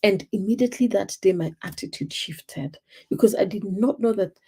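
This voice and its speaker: Husky, gravelly Kenyan woman coaching. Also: mid-range voice, normal speed, dark tone. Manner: emphatic, repeats key points, acts out quoted speech. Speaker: life purpose coach. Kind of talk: motivational live stream talk.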